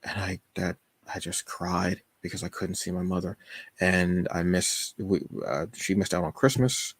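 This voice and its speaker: A man hosting his own podcast, telling a personal story in a halting, emotional way with many fillers and restarts. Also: low-pitched, fairly even intonation, slightly rough, no room sound. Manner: emotional, confessional. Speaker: podcast host.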